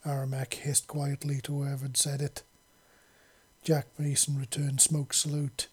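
An amateur narrator reads a fan-fiction story aloud. The voice is mellow and slightly husky. The delivery is unpolished and often stops to correct its own slips. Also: mid-range voice, monotone, unhurried. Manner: unpolished reading with self-corrections.

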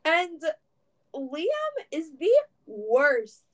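A young woman with a high voice tells a story in a loose, chatty way. Her talk is full of "like" and small restarts, as in a casual podcast chat between friends. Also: expressive, drawn-out words, a bit bright. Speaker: podcast co-host.

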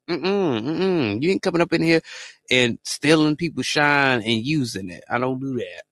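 A man chatting on a casual podcast, his voice jumping all over the place with sudden squeaky exclamations as he tells a story in slang. The mic is close and dry, with no room sound. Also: lively intonation, moderate pace, fairly bright tone, no echo. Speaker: podcast co-host.

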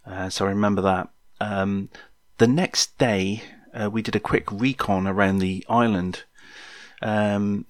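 A podcast storyteller in his sixties, with a lowish, fairly bright voice, casually spins a rambling memoir. He jokes, says um a lot, and turns to address listeners. The studio-quality audio has no room sound.

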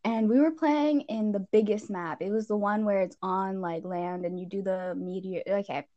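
A woman's voice: medium pitch, normal speed, lo-fi sound. A young woman in casual chat, telling game stories with lots of laughter and animation. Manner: animated storytelling, frequent laughter.

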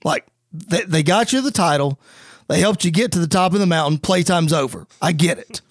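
A man's voice: a little high, moderate pace, no echo, studio quality, natural voice. A man voicing an earnest, pleading wrestler.

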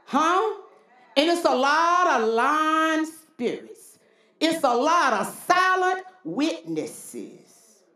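Her voice sits high and bright, forceful in tone, with big pitch swings and a very slow delivery echoing through the room. This woman pastor preaches in call-and-response fashion, folksy and repeatedly throwing "Huh?" out to her congregation.

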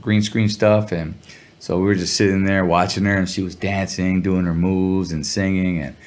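A man's voice: sits low, little pitch movement, moderate pace, darkish tone. A man being interviewed as a musician guest, telling a casual, slangy story and briefly acting out other people's voices. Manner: laid-back slangy storyteller who acts out voices. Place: Los Angeles area.

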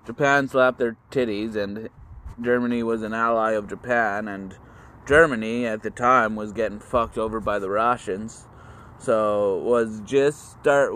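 A man telling history as a crude, rambling comedy rant, halting with fillers and jumping into squeaky mocking voices. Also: a bit bright, a little hiss or hum. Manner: jumps into squeaky high mocking voices for countries.

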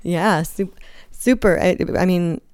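Smooth, low-voiced woman host. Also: slow, a little mellow, no room sound, clean studio sound. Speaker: interview host. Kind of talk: casual conversational interview.

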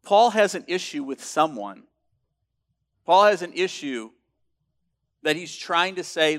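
A man preaching with a slightly high voice. He teaches a sermon with emphatic force, climbing to loud declarations and often restarting his sentences. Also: lively intonation, slow, pauses often. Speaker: pastor.

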